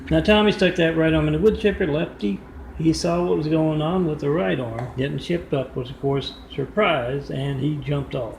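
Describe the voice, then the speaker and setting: Male vlogger, raspy-edged voice, meandering casual storytelling into a phone, roomy and noisy recording. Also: on the high side, normal speed, darkish tone. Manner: meandering, wry asides, frequent fillers. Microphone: phone front camera. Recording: echoey room with background noise.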